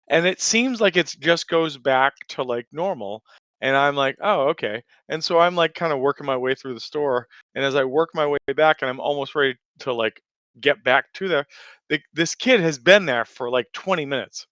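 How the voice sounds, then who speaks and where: Man in his forties, a swearing, rambling storyteller; slightly high, sharp-toned voice, dry and a bit muffled. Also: unhurried, smooth, no echo. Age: 40s. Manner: profane, rambling storyteller full of fillers. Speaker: player telling a story. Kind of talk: casual anecdote.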